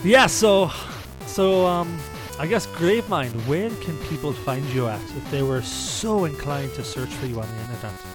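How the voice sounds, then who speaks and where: A man's voice: a little high, normal speed, few pauses, over music. A man hosting a podcast, telling a story casually, laughing often and repeating words as he restarts his sentences. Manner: laughs often, stumbles and repeats words when starting a thought. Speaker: podcast host.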